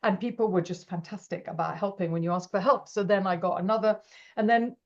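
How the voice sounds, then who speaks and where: A woman, an interview guest, telling her story with animated energy and acting out the lines of people in it. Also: medium pitch, a little fast. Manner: animated, acts out quoted dialogue. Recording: dull lo-fi audio.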